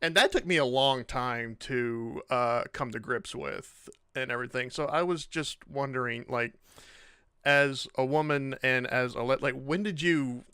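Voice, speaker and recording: Halting man with a bright, smooth voice. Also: mid-range voice, no echo, clean studio sound. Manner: hesitant and halting, many ums. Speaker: interview host. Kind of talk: casual interview.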